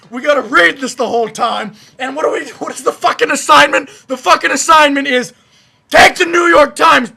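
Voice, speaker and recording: A young man, a college student, giving an angry profane rant, shouting and exasperated. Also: extremely high pitch, gravelly. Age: young adult. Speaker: ranting vlogger.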